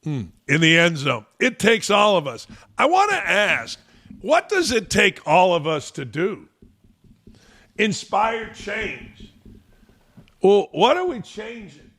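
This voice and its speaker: A man's voice: high-pitched, sing-song, slow pace, a bit bright. A man hosting a sports talk show, delivering a sarcastic, mocking commentary rant.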